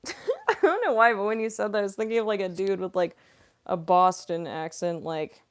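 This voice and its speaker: A woman's voice: mid-range voice, expressive, normal speed, smooth. A young woman voice actress chatting casually on a livestream Q&A, rambling and using lots of fillers. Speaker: voice actress and streamer.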